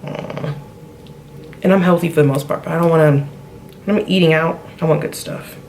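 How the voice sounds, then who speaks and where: A woman's voice: deep voice, fairly even intonation, normal speed, darkish tone, slight background noise. A young woman with features chatting casually to viewers while doing her makeup at home, often trailing off mid-thought. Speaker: vlogger. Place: home room.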